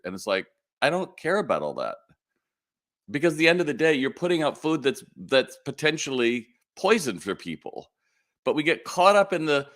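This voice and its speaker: A man's voice: mid-range voice, big pitch swings, a little fast, fairly bright tone. A middle-aged man hosting a live retail Q&A in casual, blunt, opinionated talk. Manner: blunt and opinionated, acts out quoted voices.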